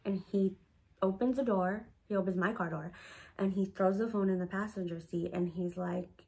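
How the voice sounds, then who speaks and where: A woman recounting a personal story straight to camera for her viewers. She talks in a loose, lively way, cursing often and leaning on "like" between phrases. Her voice sits at an ordinary middle pitch for a woman. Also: moderate pace. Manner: animated, profane, heavy use of "like". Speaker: storytime vlogger. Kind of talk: casual storytime.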